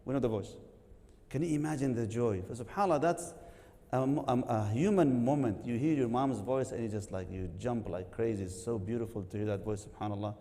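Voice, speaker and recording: Lively storytelling man in an echoing hall. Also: medium pitch, brisk. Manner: lively, laughing, acts out quotes. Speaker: co-speaker at a religious gathering. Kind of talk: animated storytelling reminder.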